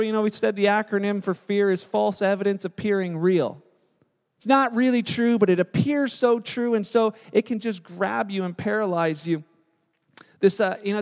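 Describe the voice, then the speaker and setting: A male pastor preaching a sermon in a relaxed, conversational storytelling way. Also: sits high, in a large hall.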